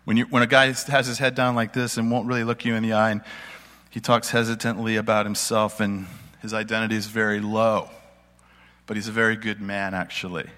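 Bright-voiced man telling a sermon story. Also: on the low side, little pitch movement, brisk, in a large hall. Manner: conversational, folksy storytelling. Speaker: church speaker. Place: church meeting space with audience.

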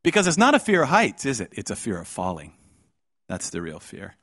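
Middle-aged male preacher, dramatic storyteller, big swings from hush to shout, dry close sound. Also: wildly swooping pitch, brisk, husky, no echo. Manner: dramatic, swings from hushed to loud and high. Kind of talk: sermon with storytelling.

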